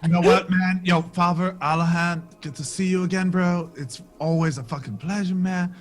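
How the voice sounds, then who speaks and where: A man with a high voice plays a tabletop role-playing game with friends. He jokes in loose, bro-ish banter. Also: fairly even intonation, normal speed. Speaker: player. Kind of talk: casual tabletop play.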